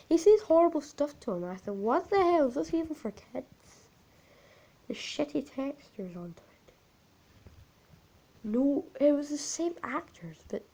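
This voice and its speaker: Slow, halting woman telling a creepy tale. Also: fairly high pitch, mellow, breathy edge. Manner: halting, repetitive, unpolished. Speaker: storyteller. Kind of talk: amateur creepypasta narration.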